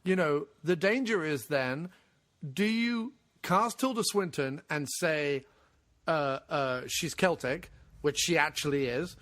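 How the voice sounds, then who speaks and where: A man co-hosting a casual podcast discussion, opinionated and animated, swearing freely as he argues his point. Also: fairly high pitch, slow. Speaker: podcast co-host.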